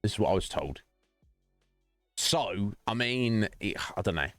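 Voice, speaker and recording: A man hosts a live stream, chatting loosely with viewers and breaking into laughter at his own jokes. His voice sits fairly low but moves through a lively, animated pitch range. The recording is dry, with faint music underneath. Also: a little slow, no echo. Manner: chatty, rambling, joking, laughs often. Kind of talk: casual chat with viewers.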